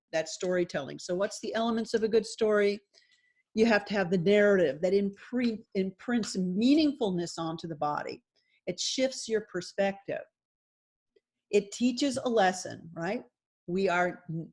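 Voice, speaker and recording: A middle-aged woman and yoga teacher giving a workshop talk, telling a story with lively, animated delivery. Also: mid-range voice.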